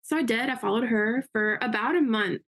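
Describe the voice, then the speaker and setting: A woman guest in an interview, telling her story in a quick, upbeat way and acting out quotes. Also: fairly high pitch, a bit bright. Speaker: interview guest, realtor and investor. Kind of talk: casual interview talk.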